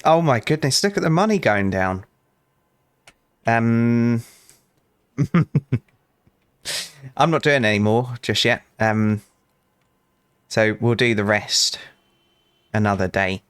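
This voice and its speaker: Medium-pitched and clean-toned, this young British man's slightly bright voice has lively intonation, a slow pace, frequent pauses, and no echo. He hosts a gaming channel, offering casual let's play commentary, talking with customers and sharing rambling anecdotes with dry asides.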